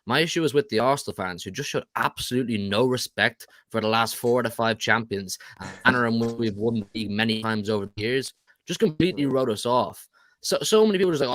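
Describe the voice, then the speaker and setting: A man's voice: mid-range voice, fairly quick, a bit bright. A man on a football podcast panel, confidently defending his club and brushing off rival fans. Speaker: Man City fan panelist. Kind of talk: casual football debate.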